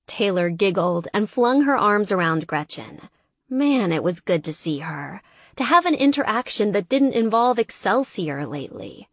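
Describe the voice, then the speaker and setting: A woman narrating an audiobook in a lively, expressive storytelling manner. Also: mid-range voice, moderate pace, dry recording, lo-fi sound.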